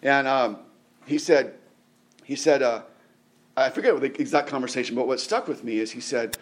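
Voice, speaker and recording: A middle-aged man giving a conversational sermon as a pastor, often restarting his words and asking the listeners rhetorical questions. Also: medium pitch. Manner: halting, repeats words, asks rhetorical questions.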